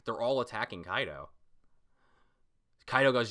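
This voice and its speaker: Low-voiced man reacting to manga. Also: moderate pace, smooth. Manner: excited, swears casually. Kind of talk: casual reaction commentary.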